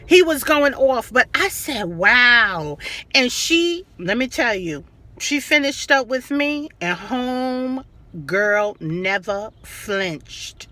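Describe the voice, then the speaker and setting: A middle-aged woman telling a story to her viewers in a casual, animated way, acting out the quotes and laughing as she goes. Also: sits high, slow. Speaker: vlogger.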